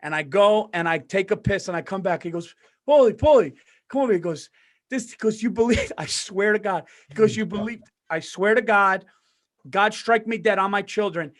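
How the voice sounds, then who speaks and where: A man with a high-pitched voice tells a story on a podcast in a loud, animated way. He swears oaths that it is true and acts out the people in it. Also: normal speed. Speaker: podcast co-host. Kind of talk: casual storytelling.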